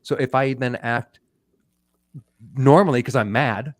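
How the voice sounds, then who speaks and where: A man's voice: mid-range voice, a little slow, dry recording. A man being interviewed, speaking earnestly and sympathetically with frequent swearing. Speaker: guest. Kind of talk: candid casual interview.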